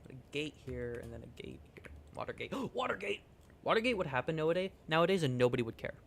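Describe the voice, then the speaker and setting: A man's voice: mid-range voice, fast talker, a little hiss or hum. A man streaming a video game, chatting casually with viewers in a playful, rambling, jokey way with some swearing. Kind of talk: casual game livestream chat.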